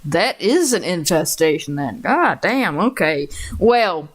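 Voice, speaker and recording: A woman narrating as dungeon master of a tabletop game, relaxed and laughing often. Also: fairly low pitch, takes it slowly, slightly rough. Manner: relaxed, laughing, swears casually.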